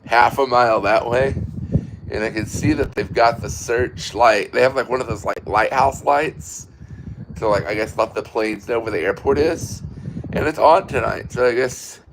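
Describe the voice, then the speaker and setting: A man's voice: medium pitch, normal speed, rough recording. An American man hosting a casual late-night livestream from an outdoor porch, rambling and answering viewer comments as they come in on his phone. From United States. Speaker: livestream host. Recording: loud wind noise on a phone mic.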